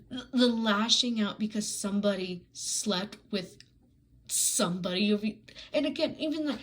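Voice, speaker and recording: Woman reviewer, mid-pitch, ranting with exasperated sarcasm, casual and full of fillers. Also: moderate pace, poor audio. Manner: frequent "like" fillers and restarts. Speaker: book reviewer.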